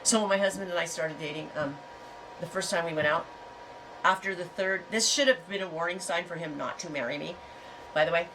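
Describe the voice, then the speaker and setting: A woman's voice: on the low side, fairly quick, recorded from a distance, noisy background. A middle-aged woman hosting a casual livestream chat, talking in a frank, rambling way and telling stories with animation. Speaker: host.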